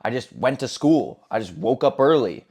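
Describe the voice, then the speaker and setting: A man's voice: mid-range voice, animated, normal speed, darkish tone, slightly rough. A man in his twenties speaking candidly and earnestly about his own experience in a casual, conversational monologue. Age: 20s. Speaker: self-improvement vlogger. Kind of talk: personal storytelling monologue.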